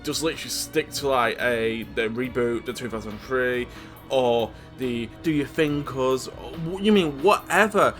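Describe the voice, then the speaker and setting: A man rants about films in a casual vlog, his bright, sharp voice stumbling over restarts. He sounds exasperated and swears freely, with faint music playing behind him. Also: mid-range voice, unhurried. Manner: exasperated, stammering, swears often. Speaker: horror movie reviewer.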